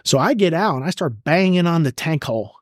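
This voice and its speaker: In a slightly high, expressive voice and a somewhat fast pace, a middle-aged man who retired as an army sergeant major recounts intense combat as a podcast interview guest. Blunt, profane and vivid, he acts out shouted orders, and the studio-quality audio has no room sound.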